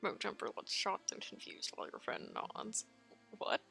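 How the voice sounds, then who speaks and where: A woman streamer reading a fan-made visual novel aloud in an expressive, giggly manner, faint game music behind. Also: mid-range voice, moderate pace, creaky. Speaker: let's play streamer.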